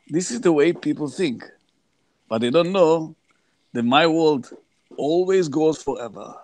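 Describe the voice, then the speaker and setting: A man, a rabbi, telling a story to an online class over a video call, his voice jumping high when he quotes others. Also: measured pace, pauses often, dry recording. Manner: animated, voice jumps high when quoting others.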